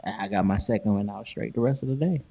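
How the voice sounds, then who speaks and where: Animated man telling stories in casual chat. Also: lowish voice, fast talker, dull audio. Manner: animated storytelling, laughs often, slangy. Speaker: podcast host.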